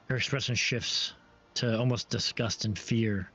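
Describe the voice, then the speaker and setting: A man's voice: mid-range voice, fairly even intonation, a little slow, fairly bright tone, breathy edge, soft background music. A man narrating as game master for a tabletop game, hesitant with many fillers and restarts. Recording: dull lo-fi stream audio with faint ambience.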